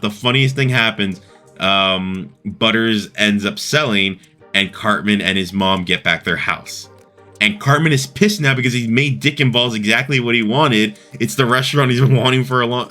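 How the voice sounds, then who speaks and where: A man's voice: fairly low pitch, bright, forceful tone. A man hosting his own review show, casually recapping a cartoon episode in a rambling way with lots of fillers. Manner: rambling, many fillers, laughs at own retelling.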